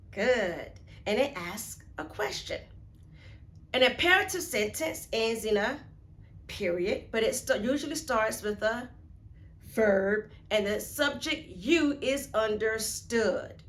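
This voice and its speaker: A woman's voice: on the high side, fairly bright tone. An American woman teaching English grammar in a recorded video lesson, patient, asking questions and answering them herself. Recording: echoey room, faint background hiss.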